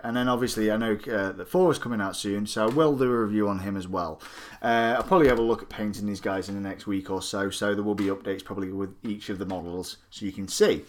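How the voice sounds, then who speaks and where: A man's voice: fairly low pitch, a bit bright. Guy chatting about a statue, loose and jokey, lots of ums. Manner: rambling and jokey, with many fillers and asides. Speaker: collectibles reviewer. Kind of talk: casual review vlog.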